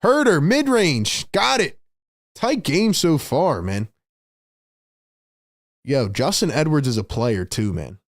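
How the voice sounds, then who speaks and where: A man hosting a live fan stream, calling the game play by play and reacting excitedly while talking to viewers in the chat. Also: a little high, slow, pauses often, no echo, studio quality. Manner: excitable, shouts big plays, chats with viewers. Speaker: livestream host.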